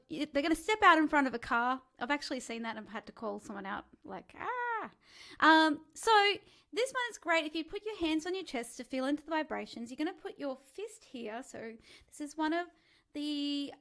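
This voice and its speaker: In a live-streamed singing lesson, a woman with a high, slightly bright voice works as the coach, chatting and encouraging throughout. She demonstrates several vocal sounds, among them sighs, whimpers, and calls.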